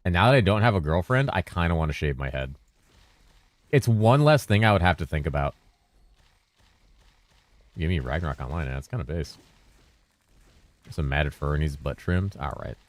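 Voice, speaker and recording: A man streaming games, chatting loosely with his viewers in a deep, bassy voice. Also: lively intonation, normal speed, long pauses, dry recording. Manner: rambling and loose, with bursts of laughter. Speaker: game streamer. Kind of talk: casual livestream chat answering viewers. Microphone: streaming mic through a mixer.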